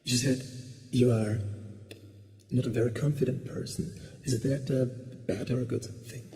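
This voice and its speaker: Gravelly German-native male interviewer. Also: mid-range voice, fairly even intonation, dark tone. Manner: halting, repeats words while asking. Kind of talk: interview questions. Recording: long reverb.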